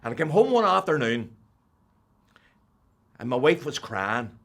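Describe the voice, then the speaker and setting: An older man with a Northern Irish accent, telling his personal faith testimony as an animated storyteller who drops to a hush and then rises loud. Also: mid-range voice, a little slow, creaky. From Northern Ireland. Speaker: testimony speaker.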